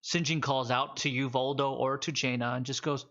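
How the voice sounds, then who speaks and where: A man's voice: medium pitch, steady tone, normal speed, fairly bright tone, highs cut off. A man narrating a tabletop role-playing game as game master, loose and rambling with many restarts.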